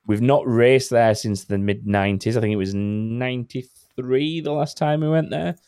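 A man hosting a podcast in casual chat, relaxed and rambling with fillers. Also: mid-range voice, normal speed, clear, resonant tone, no room sound, clean studio sound. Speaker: podcast host.

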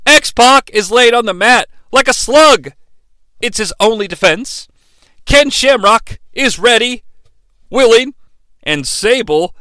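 A male podcast host recapping a wrestling broadcast in an animated, irreverent way, bursting into shouted impressions. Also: high voice, unhurried, clear, resonant tone, no echo.

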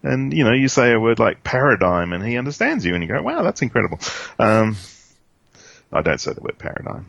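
A man's voice: medium pitch, sing-song, a little fast, creaky, fairly bright tone, no echo, muffled recording. A man with a nasal voice, co-hosting a casual podcast, hesitant and self-deprecating. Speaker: podcast co-host. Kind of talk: casual chat.

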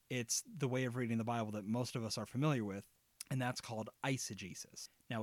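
A man explains Bible study in an earnest, conversational way, sometimes with a light joke. His pitch sits in a middle range for a man. The recording is dry and close, with no room echo. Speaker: Bible teacher.

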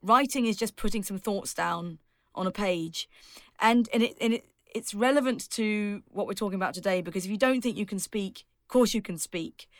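A woman's voice: medium pitch, normal speed, no room sound, studio quality. A woman, a public speaking coach and author, giving emphatic advice as a podcast interview guest and laughing often.

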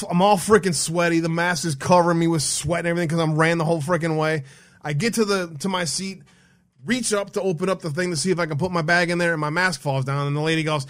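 A man's voice: a little high, fairly bright tone. A man hosting a live call-in stream, telling a story in a heated, profane rant full of restarts. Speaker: stream host taking callers. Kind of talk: casual ranting storytelling.

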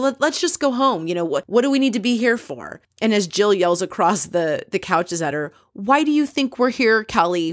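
Woman, lowish voice, casual recap, opinionated, candid, dry close sound. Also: dry recording. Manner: opinionated, candid, swears freely, quotes others in quick asides. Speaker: podcast host recapping a reality show.

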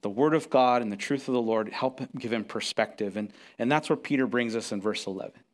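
A middle-aged man preaching a sermon as pastor, telling stories with lively acted-out quotes and often repeating words as he restarts. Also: medium pitch, a little fast. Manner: animated storytelling, acts out quotes.

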